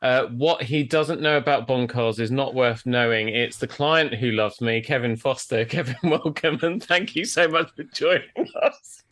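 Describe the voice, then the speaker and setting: Male host, chatty, laughs easily, mid-pitched voice, video-call podcast. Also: normal speed, fairly bright tone. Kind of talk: casual podcast chat.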